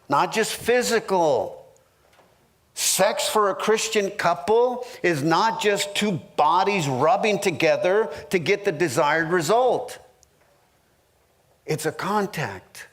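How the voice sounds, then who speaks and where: A man's voice: sits high, a bit bright. A man in his sixties, a pastor teaching a marriage class in church, earnest and repetitive with frequent restarts.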